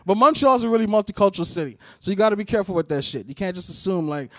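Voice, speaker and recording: A man, a comedian guest, telling an animated, profane story on a talk show. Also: high voice, rapid-fire, no echo, studio quality. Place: studio.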